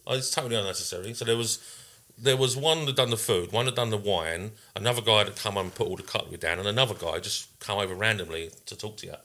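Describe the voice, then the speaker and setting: Man, low pitch, bright tone, sweary storyteller, podcast host. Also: quick pace. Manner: sweary, self-mocking storytelling. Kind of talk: casual podcast chat.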